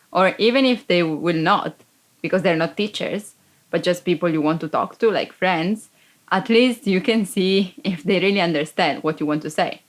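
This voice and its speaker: Chatty, encouraging woman teacher. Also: fairly low pitch. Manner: chatty, encouraging, loose phrasing. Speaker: language teacher. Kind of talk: casual lesson wrap-up.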